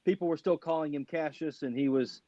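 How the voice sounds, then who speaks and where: A comedian chatting casually, rambling with many fillers and restarts. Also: male voice, a little high, fairly quick, crowd noise. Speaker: comedian guest. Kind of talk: casual chat. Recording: dull, dry sound.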